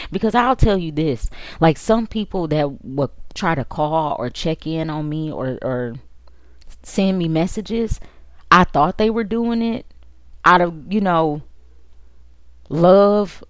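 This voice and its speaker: A woman's voice: low voice, dry recording, studio quality. A woman podcast host candidly recounting a personal story in an emotional, conversational way. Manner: candid and emotional, with quick asides.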